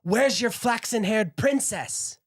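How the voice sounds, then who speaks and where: A man's voice: sits high, animated, slow, dry recording, studio quality, pitched above the performer's own voice, exaggerated voice. A man voicing a hurt and angry foxtail woman who speaks bitterly and accusingly.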